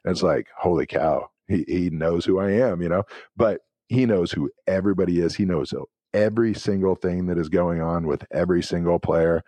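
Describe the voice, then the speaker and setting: A man in his forties, a former pro football player, telling interview stories with lively acted-out quotes. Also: sits low, normal speed, few pauses, dry recording. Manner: animated anecdotes with acted-out quotes. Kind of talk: casual interview storytelling.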